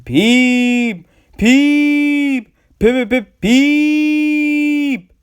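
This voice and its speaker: A man voicing a cheeky, mischievous little male tank engine in a storybook audio drama, with a shrill, spooky manner. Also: lively intonation, a little slow, a little mellow, clear, resonant tone.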